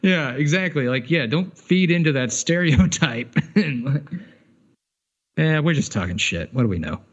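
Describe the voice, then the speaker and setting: A man's voice: on the high side, expressive, moderate pace, a bit bright, dull audio. Sardonic man in casual podcast chat. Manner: loose and sardonic, trails off in filler, swears, mimics accents. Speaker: podcast co-host.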